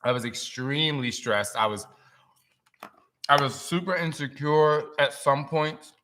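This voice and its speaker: Bright, animated male host. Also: a little high, unhurried, slight background noise. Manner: animated, emotional storytelling. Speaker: fitness trainer hosting a live stream. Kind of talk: casual live-stream chat.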